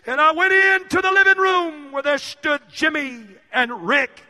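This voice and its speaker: A man preaching a sermon, impassioned and climbing into shouts, with frequent "uh" pauses. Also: extremely high pitch, steady tone. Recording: echoey hall reverb.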